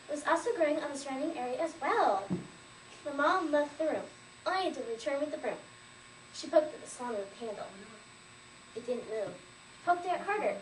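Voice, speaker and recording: Woman storyteller, lively recitation, high voice, echoey room, distant mic. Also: a little fast, slight background noise. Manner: lively storyteller, heavy use of "like". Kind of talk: storytelling recitation at a language fair.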